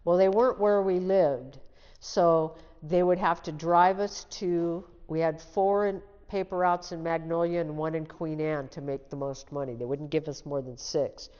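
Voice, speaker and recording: A woman in her sixties from the Seattle area tells her life story as an interview guest, candid and plain-spoken. Her voice is deep and warm, with a steady tone at normal speed. The recording sounds dull and lo-fi, with long reverb.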